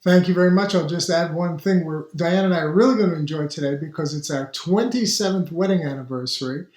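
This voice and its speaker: Middle-aged male author on a podcast panel. Earnest and rambling, slightly high voice, echoey room. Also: brisk, a little mellow. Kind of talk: reflective panel podcast talk. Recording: roomy echo.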